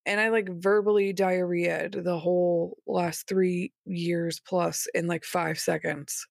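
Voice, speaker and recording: A woman's voice: on the low side, level tone, slow pace, creaky, no room sound, clean studio sound. A woman speaking as a guest on an interview podcast, recounting her experiences in a frank, conversational way. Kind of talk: interview storytelling.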